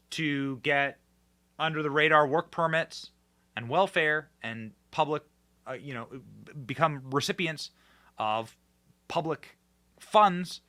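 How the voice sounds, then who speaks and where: Bright, animated male commentary host. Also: fairly high pitch. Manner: animated, sarcastic, many fillers and restarts. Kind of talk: casual political commentary.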